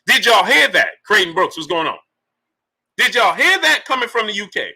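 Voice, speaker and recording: Bright, emphatic man on a stream. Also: sits high, normal speed, creaky, slightly rough. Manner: animated, repetitive, emphatic rhetorical questions. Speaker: live-stream boxing commentator. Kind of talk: live-stream commentary reading super chats.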